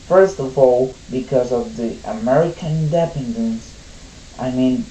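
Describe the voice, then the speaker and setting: A speaker with a Colombian Spanish accent, a native Spanish speaker, giving a slow, careful class presentation. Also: mid-range voice, warm tone, reverberant, rough recording. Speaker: student presenter.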